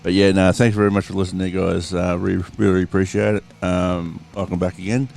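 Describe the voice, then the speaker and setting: Laid-back deep-voiced Australian man. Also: little pitch movement, a little fast, creaky, darkish tone, soft background music. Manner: laid-back, swears freely, laughs often. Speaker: podcast co-host. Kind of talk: casual chat.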